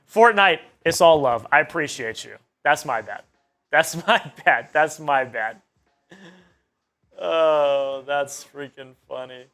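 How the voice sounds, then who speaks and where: Young male co-host, high-pitched and excitable, cracks jokes with viewers. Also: measured pace, a little hiss or hum. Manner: joking, excitable, teasing the chat. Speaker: co-host of a sports live stream. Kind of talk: casual live-stream chat.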